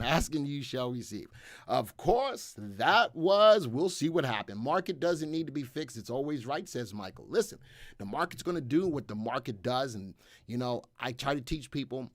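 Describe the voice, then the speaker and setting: A man's voice: mid-range voice, dry recording, clean studio sound. A middle-aged man hosting a live stock market stream, upbeat and joking, greeting viewers by name.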